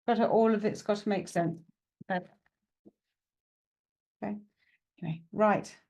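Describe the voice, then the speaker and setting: A woman's voice: medium pitch, fairly even intonation, measured pace, darkish tone. A woman giving a live psychic mediumship reading, chatty and reassuring, with lots of "okay" and "right" fillers and self-mocking asides. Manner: self-mocking, laughs at herself.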